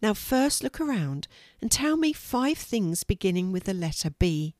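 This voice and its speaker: A woman voicing a kind young girl who guides calmly and patiently. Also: mid-range voice, moderate pace, dry recording, studio quality, natural voice. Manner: calm and instructive.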